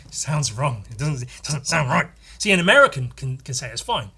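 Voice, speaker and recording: A man rambles through a solo comic monologue, cursing freely and mocking himself. His voice is sharp and forward with a husky edge. He wanders from tangent to tangent without pause. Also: mid-range voice, sing-song. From Scotland. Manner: profane, self-mocking, rambling. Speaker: podcast host. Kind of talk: casual comedic monologue.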